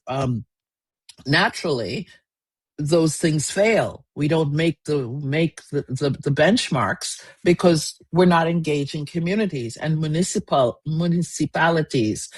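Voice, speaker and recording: A man's voice: a little high, no room sound. A man moderating a seminar over a video call, speaking off the cuff with many restarts and fillers as he thinks aloud. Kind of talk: unscripted moderating.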